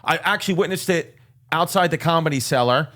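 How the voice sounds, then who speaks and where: A man hosting a casual chat, joking and rambling with quick asides, recorded in a green room. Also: a little high, pushed and bright. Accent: New York. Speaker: podcast host.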